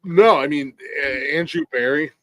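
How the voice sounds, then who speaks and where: A man's voice: fairly high pitch, moderate pace, a bit bright. A man co-hosting a podcast in casual sports chat, profane and heated, stumbling over repeated restarts. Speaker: podcast co-host.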